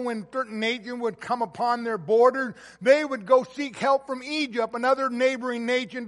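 A man with a strikingly high voice preaches a sermon, repeating his key phrases and pushing his volume up on each point he wants to land. His words ring out with a long reverb tail, as if in a large church hall. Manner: emphatic, repeats key phrases, swells louder on stressed points.

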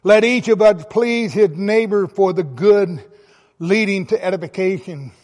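A man's voice: high-pitched, unhurried, darkish tone, big-room sound. A man preaching a sermon, reading scripture aloud and stressing key words with emphasis. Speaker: pastor.

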